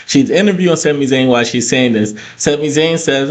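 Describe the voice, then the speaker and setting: A man's voice: mid-range voice, a little fast, hardly any pauses. A man recapping a wrestling show in a casual vlog, cursing freely and breaking into heated rants. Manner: profane, ranting, animated asides.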